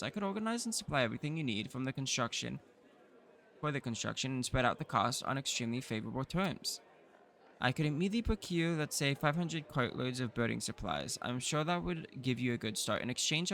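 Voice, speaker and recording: A man reading out the lines of a smooth-talking male guild merchant in a fantasy game. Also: medium pitch, fairly bright tone. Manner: businesslike, ingratiating. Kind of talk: reading game dialogue aloud.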